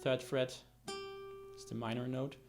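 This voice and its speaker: A man's voice: medium pitch, level tone, a little slow. A man explaining guitar technique in a tutorial, talking with frequent fillers and restarts and counting beats aloud. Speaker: guitar teacher. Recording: loud guitar under the voice. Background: guitar playing.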